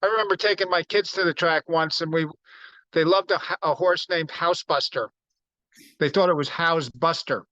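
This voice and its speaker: A middle-aged man co-hosting a podcast, telling stories in casual chat and getting animated when he quotes people. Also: fairly high pitch, brisk, no room sound. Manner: storytelling, animated when quoting others. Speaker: podcast co-host. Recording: dull, slightly lo-fi dry sound.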